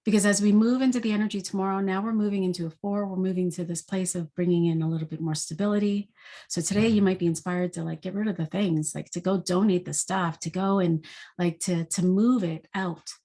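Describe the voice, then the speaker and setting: A woman's voice: fairly low pitch, steady tone, brisk, mellow. A woman giving a spiritual daily energy forecast in a reflective, unscripted way. She asks many rhetorical questions and often says "like".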